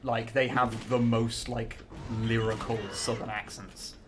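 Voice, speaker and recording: A man's voice: medium pitch, flat delivery, measured pace, background noise. A man chatting hesitantly on a livestream, often restarting his sentences. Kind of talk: casual group chat on a livestream.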